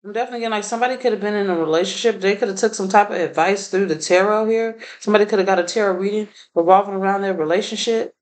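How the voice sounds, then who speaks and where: A woman's voice: medium pitch, racing, hardly any pauses, rough recording. A woman doing a casual tarot reading, blunt and profane, laughing often. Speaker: tarot reader.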